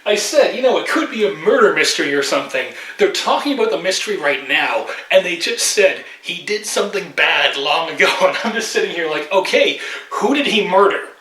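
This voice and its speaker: A man's voice: sits high, lively intonation, fairly quick, few pauses, bright, forceful tone. A man giving a casual, joking reaction review of a movie, sarcastic and rambling. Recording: roomy echoey room.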